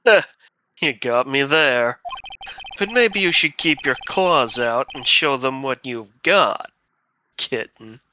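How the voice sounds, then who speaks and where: A man voicing a smooth, teasing male prosecutor who calls the rookie kitten, drawn out and cool. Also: medium pitch, expressive, slow pace, bright, forceful tone, slight background noise, full character voice. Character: suave coffee-loving male prosecutor mentor.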